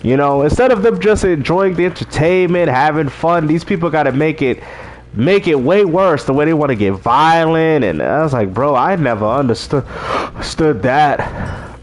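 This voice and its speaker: Laid-back man with a lively voice. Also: a little high, moderate pace. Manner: laid-back, chatty, laughs often. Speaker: live stream host. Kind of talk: casual livestream chat.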